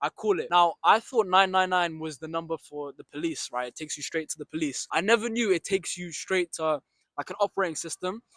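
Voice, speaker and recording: A young adult vlogger with a high, bright voice rattles off an animated storytime monologue, swearing freely and acting scenes out with reenacted shouts and asides. There's no echo on the recording.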